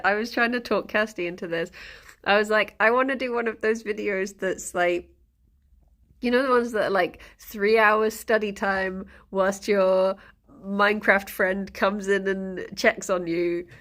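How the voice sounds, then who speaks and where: A woman's voice: mid-range voice, steady tone, unhurried, fairly bright tone. Giggly lady streamer rambling on, just chatting live. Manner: giggly, rambling, often breaks into laughter. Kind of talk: casual chat on stream.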